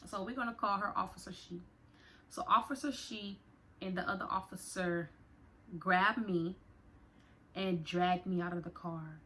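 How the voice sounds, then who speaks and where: A woman's voice: medium pitch, fairly even intonation, a little slow, pauses often, a bit bright. A young woman telling a personal story to her viewers, emotional and conversational. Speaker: vlogger. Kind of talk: storytime vlog.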